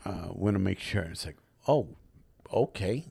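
A man's voice: sits low, moderate pace, creaky, slightly rough, dry recording, studio quality. A man hosting a podcast, telling a story casually with lots of swearing and acting out the people in it. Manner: profane, animated, acts out quoted voices. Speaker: podcast host.

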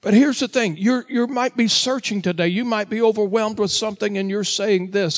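Man, pastor, sermon, high-pitched, earnest, exhorting. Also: fairly even intonation, normal speed, few pauses. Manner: earnest, exhorting, repeats "listen" to the congregation.

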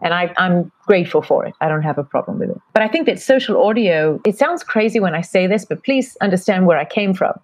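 A woman's voice: fairly low pitch, animated, fast, few pauses, no room sound. Middle-aged woman with a mixed British-American accent. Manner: rambling, reflective storytelling. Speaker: guest, marketing strategist. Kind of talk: conversational interview.

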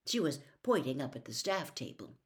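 A woman narrating a children's novel aloud in a slow, expressive read-aloud style. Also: rumbling low. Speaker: storyteller. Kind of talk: audiobook narration.

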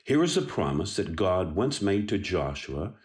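Male devotional speaker, deep and very unhurried, earnest, restarts his phrases. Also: sing-song, a little mellow. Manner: earnest, unhurried, repeats words as he starts phrases. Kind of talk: Bible devotional talk.

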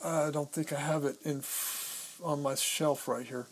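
A man's voice: on the high side, steady tone, measured pace, background noise. A man co-hosting a podcast, explaining a Bible passage step by step. He reads verses and Greek words aloud and thinks aloud as he looks through his books. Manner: reads scripture and Greek words aloud, stumbling over pronunciation. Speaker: podcast co-host. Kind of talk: casual teaching talk on scripture.

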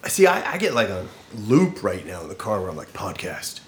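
A man hosting a podcast in a playful, animated, profane casual chat. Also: sits low, normal speed, echoey room. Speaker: podcast host.

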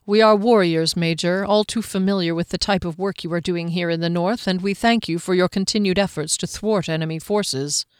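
A narrator voices a diplomatic warrior in a storybook reading, earnest and respectful in tone. The voice is smooth and close, with a dry sound. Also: mid-range voice, steady tone, a little fast, few pauses, no room sound, lightly acted. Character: soft-spoken diplomatic male warrior.

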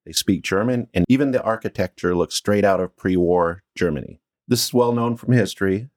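A man's voice: fairly low pitch, brisk, darkish tone. A man co-hosting a podcast, telling a story from his notes with dry teasing asides. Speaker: podcast co-host.

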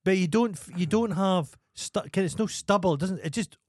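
A man's voice: high voice, normal speed, a little mellow, no room sound. A Scottish man co-hosting a podcast, making crude, sardonic jokes in casual chat. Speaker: podcast co-host.

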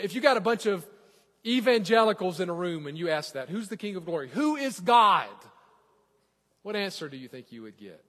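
Male pastor, forties, high voice, sermon delivery with big dynamic swings, reverberant sanctuary. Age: 40s. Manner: swings from quiet asides to loud, stretched scripture reading. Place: church sanctuary. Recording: long church reverb.

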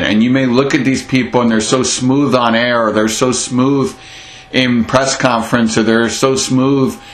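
A man hosting a podcast, talking earnestly in a casual interview and sometimes repeating words as he gets through a sentence. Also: medium pitch. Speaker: podcast host.

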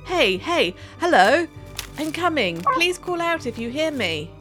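A woman voicing a young female rescuer who calls out urgently through a dark wood, with music behind her. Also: sits high, very animated, unhurried, voice pushed up. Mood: urgent shouting. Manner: urgent, calling out loudly.

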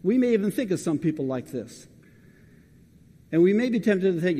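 A man's voice: high voice, sing-song, normal speed, mellow, breathy edge, long reverb tail. A man preaching a sermon, talking conversationally and putting questions straight to the congregation.

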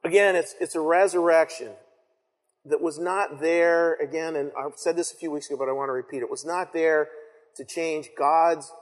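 A male pastor delivers an Easter sermon in a loose, conversational way, circling back on his words and letting phrases trail off softly. His voice sits a little high for a man. The sound carries a long reverb from a large hall. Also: steady tone, normal speed. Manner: conversational, with frequent restarts and soft trailing phrases.

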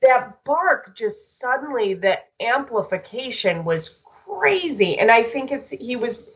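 Dog trainer lady telling stories, lively, bit muffled lo-fi audio. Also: fairly high pitch. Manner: animated, storytelling, quick asides. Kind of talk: casual conversational chat.

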